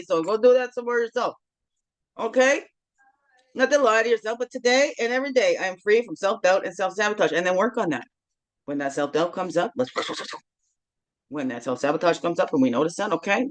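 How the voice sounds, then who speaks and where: A woman's voice: fairly low pitch, expressive, a little fast, poor audio. A woman with a Newfoundland accent hosting a casual self-care vlog, chatty and encouraging, often checking in with "okay?" and breaking into playful chuckles. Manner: playful, chuckles and sings along between thoughts. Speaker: host of a daily self-care guidance show. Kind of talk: casual motivational vlog talk.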